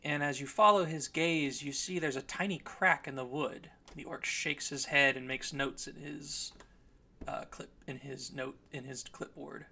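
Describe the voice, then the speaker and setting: A man's voice: fairly high pitch, steady tone, a little slow, creaky, bright, forceful tone. A man narrating a tabletop game as game master, describing scenes at length.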